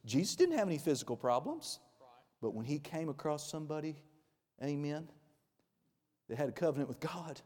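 Fiery forties pastor, slightly high voice, shifting between loud and hushed, in a reverberant hall. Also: male voice, big pitch swings, moderate pace, pauses often. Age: 40s. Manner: emphatic, swings from loud bursts to quiet intimate asides. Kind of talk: sermon.

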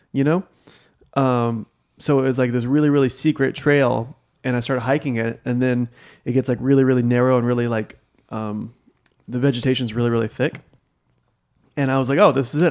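Young man, fast talker, rambling, lots of fillers, casual family chat. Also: medium pitch, a little mellow. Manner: rambling storyteller with many fillers.

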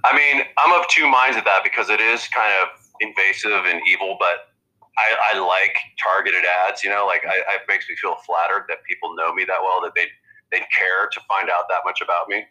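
A man's voice: deep voice, fairly even intonation, sharp tone, poor audio. A man who is a guest comedian, chatting casually on a podcast and rambling with lots of restarts. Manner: rambling, halting with many restarts.

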